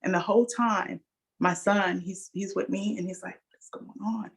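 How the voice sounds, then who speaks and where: A woman's voice: mid-range voice, fairly even intonation, moderate pace, vocal fry, breathy edge. A middle-aged woman sharing a personal testimony as a guest speaker, telling her story earnestly and calling her listeners y'all.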